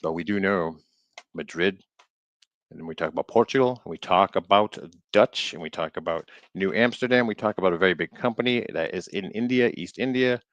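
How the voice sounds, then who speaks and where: Reading an old book on a live stream, this man trips over the text and keeps going off on jokey riffs. He has a deep voice with a fairly bright tone. There's no echo, but the audio is dull.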